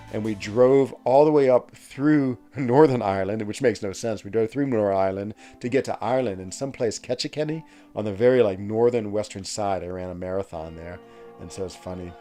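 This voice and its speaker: A man's voice: fairly low pitch, brisk, mellow, soft background music. A man hosting a game livestream, chatting casually with viewers in an upbeat way and laughing often. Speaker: game streamer host.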